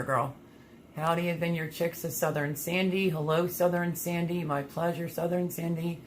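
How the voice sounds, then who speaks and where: A low-pitched woman hosts a relaxed livestream, chatting with viewers and reading their comments out loud. She talks casually and drops in plenty of ums. Faint noise sits behind her voice. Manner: chatty, reads viewer comments aloud, many fillers. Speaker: livestream host reading chat.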